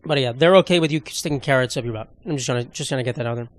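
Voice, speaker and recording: A man's voice: medium pitch, rapid-fire, no echo. A young man hosting a solo comedy podcast, rambling through sarcastic jokes and asides. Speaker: podcast host.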